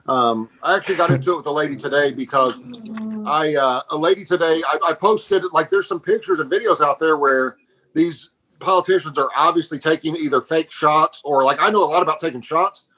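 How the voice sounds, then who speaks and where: A man's voice: fairly high pitch, sharp tone, rough recording. A man co-hosting a podcast, telling blunt stories in casual chat and laughing at them. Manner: fast storytelling, blunt, laughs at his own stories. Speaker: podcast co-host.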